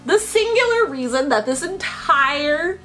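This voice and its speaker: A young woman from Texas telling a casual storytime in a chatty, animated way, full of "like," her voice a bit worn from being sick. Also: high-pitched, unhurried, faint music behind. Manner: chatty, lots of filler likes, animated retelling. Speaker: vlogger.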